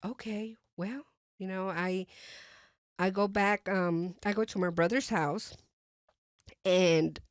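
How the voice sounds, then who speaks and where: A woman with a somewhat low voice tells her personal testimony as a guest in conversation. She talks haltingly, full of fillers and restarts, and drops her voice softly when she re-enacts what she thought. The sound is close and dry, with no room around it. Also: steady tone, clear, resonant tone, dry recording.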